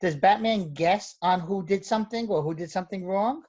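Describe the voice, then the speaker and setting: Animated teacher, man, dull lo-fi audio. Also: high voice, normal speed. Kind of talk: casual panel discussion.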